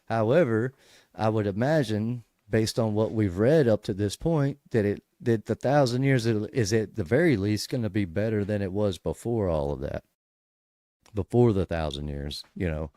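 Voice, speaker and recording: Casual man teaching scripture, dark voice. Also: lowish voice, normal speed, dry recording, studio quality. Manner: conversational, many restarts, emphatic bursts. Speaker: host of a Bible study show.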